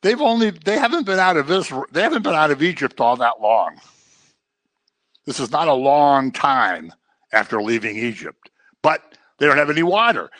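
A man's voice: on the high side, moderate pace, dry recording. A man teaching a casual Bible class, acting out quotes in voices and joking with his listeners. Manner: animated, acts out quotes in voices, jokes with the class.

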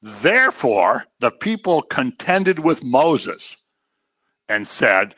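Animated man teaching a Bible class. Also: medium pitch, slow, no echo. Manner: animated, acts out quotes in voices, jokes with the class.

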